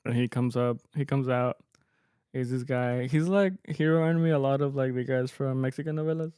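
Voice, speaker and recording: Smooth-voiced man telling a story. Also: medium pitch, moderate pace, mellow, no room sound, clean studio sound. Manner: storytelling, switching between English and Spanish, laughing often. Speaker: podcast co-host, mariachi musician. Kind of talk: casual chat.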